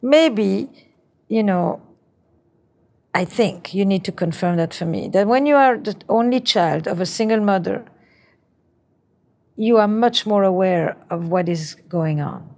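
A woman's voice: medium pitch, a little slow, creaky, long pauses, darkish tone. A woman therapist with a Belgian accent, probing and laying out ideas in repeating, building patterns. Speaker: couples therapist. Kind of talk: therapy session guidance.

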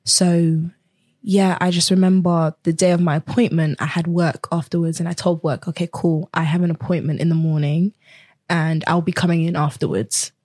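A young woman tells her own story in earnest, acting out the voices of people she met along the way. Her voice sits a little low and has a husky edge. The recording is dry, with no room sound around her. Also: flat delivery, moderate pace, darkish tone, no room sound. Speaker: guest. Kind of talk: personal testimony in a conversation.

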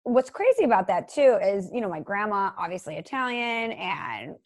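A woman in her thirties, an earnest and animated storyteller, chatting casually as co-host. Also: medium pitch, moderate pace. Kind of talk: casual chat.

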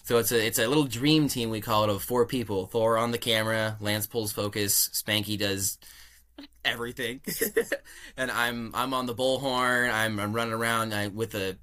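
A young man from California, a podcast guest telling a story in a casual, animated way, often laughing and acting out what people said. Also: lowish voice, normal speed.

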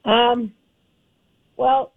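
A woman's voice: a little high, fairly even intonation, drawn-out words, vocal fry, phone-quality sound. A woman who owns a dog, asking for advice and answering in brief, plain replies. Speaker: dog owner seeking advice.

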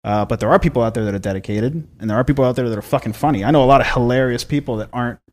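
A man's voice: medium pitch, racing, a little mellow. A man chatting on a podcast with a middle-range voice. He swears freely, rambles, and laughs often as he makes his points. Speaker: podcast co-host. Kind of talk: casual chat.

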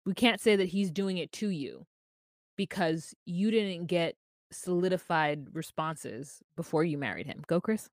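Woman co-host, casual and wry, lower pitch, dead-dry close recording. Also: lively intonation, measured pace, no room sound. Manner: chatty, wry asides. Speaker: podcast co-host. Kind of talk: casual chat recapping a reality show.

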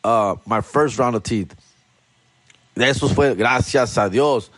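A man's voice: mid-range voice, slow, fairly bright tone, no room sound. A man hosting a podcast, telling a story casually with street slang and Spanish phrases mixed in. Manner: slangy, mixes in Spanish phrases, repeats "fool" and "dog". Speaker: podcast host.

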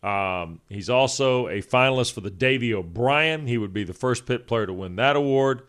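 A man co-hosting sports radio, reading off award facts in a brisk way with dry humor. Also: mid-range voice, animated, a bit bright. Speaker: radio co-host.

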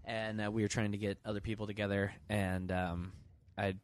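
A man's voice: on the low side, flat delivery, normal speed, a little hiss or hum. A man, a musician guest on a podcast, chatting casually with a lot of hesitation and restarting. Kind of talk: casual interview chat.

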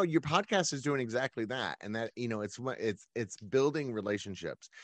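A man's voice: on the low side, dry recording. A man who runs his own events business, telling his career story as a guest in a conversational interview.

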